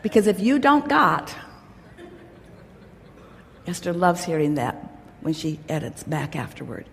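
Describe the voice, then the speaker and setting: Speaking at a measured pace, an inspirational speaker at a live gathering delivers a teacherly, emphatic pep talk, calling herself "we." Her lowish voice is creaky and very animated, with a little hiss or hum and long hall reverb in the audio.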